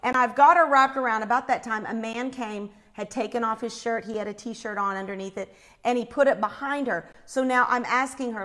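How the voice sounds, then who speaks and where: A woman telling a personal faith story in an animated way, acting out the screams she describes. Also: a little high, normal speed.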